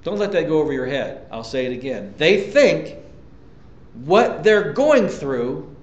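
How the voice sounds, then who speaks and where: A man preaching a sermon as pastor, emphatic, repeating key lines and jumping up in pitch to drive points home. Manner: emphatic preaching, sudden pitch jumps and repetitions. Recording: echoey church room, dull lo-fi sound.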